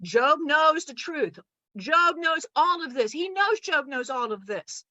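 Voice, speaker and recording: A high, bright-toned woman delivers a channeled spiritual lesson in a blunt, animated way, cursing casually. The recording is dry and a little dull, like lo-fi audio. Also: measured pace, no echo. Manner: animated, blunt and profane, acting out quoted voices.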